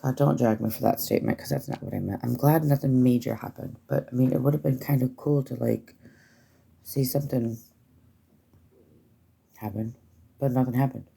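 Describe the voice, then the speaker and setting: Low, gravelly woman rambling on a livestream. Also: moderate pace, long pauses, warm tone. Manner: rambling, swears freely, many fillers. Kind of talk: casual livestream chat.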